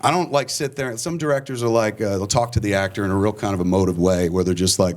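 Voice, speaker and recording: A man's voice: lowish voice, fast talker, few pauses. A man in his forties telling rambling, profane stories on a conference stage. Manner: profane, rambling, animated storyteller. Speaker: filmmaker guest speaker. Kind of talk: storytelling conference talk. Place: conference stage before an audience.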